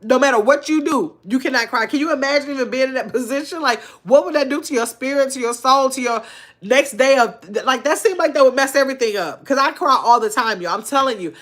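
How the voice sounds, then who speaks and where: An older woman hosting a casual livestream, talking earnestly in relaxed slang and reading viewer comments aloud. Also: high voice, fast talker. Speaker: livestream host.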